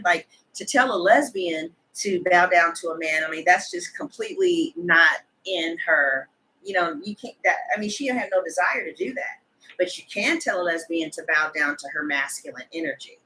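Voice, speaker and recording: Chatty blunt woman with a bright voice. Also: fairly low pitch, normal speed, rough recording. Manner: chatty, gossipy and blunt, with slang and swearing. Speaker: tarot reader. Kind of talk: casual chat to camera.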